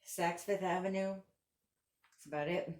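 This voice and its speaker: A woman's voice: fairly low pitch, fairly even intonation, unhurried, darkish tone. A woman vlogger chatting casually and enthusiastically through a thrift haul and try-on, laughing often.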